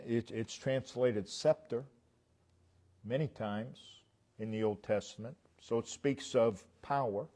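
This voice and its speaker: Slow, deliberate male preacher. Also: medium pitch, dark tone. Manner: slow, deliberate delivery with strong emphasis on repeated words. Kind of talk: sermon. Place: church.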